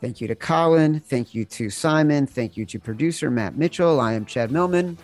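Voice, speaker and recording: A man hosting a sports betting podcast, teasing his guest and briskly wrapping up the show. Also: mid-range voice, darkish tone, faint music behind. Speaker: podcast host. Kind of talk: casual podcast chat.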